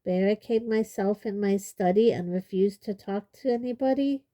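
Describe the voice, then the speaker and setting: Very old, calm, wry headmaster, read by a woman; measured and kindly, warm dark voice. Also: mid-range voice, lightly acted. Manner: measured, pleasant, gently dry. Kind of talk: audiobook character voice.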